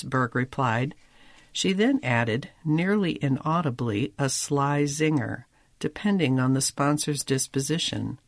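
A documentary narrator reads a prepared script at a measured pace, with a wry edge to the storytelling. The voice sits in a middle pitch range. It is recorded close to a studio mic, with a dry, dead sound and no room echo.

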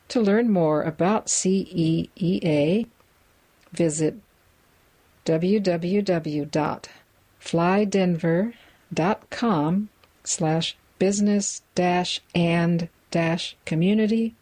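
A woman reading a magazine aloud in a measured way, describing its photos with the odd aside. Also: fairly low pitch, mellow, rough recording. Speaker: reader of a magazine for listeners.

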